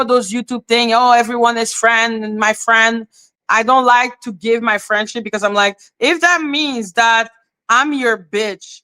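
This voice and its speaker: A woman's voice: on the high side, pushed and bright. A woman hosting a livestream, talking bluntly and profanely in a heated rant to her chat. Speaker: livestream host.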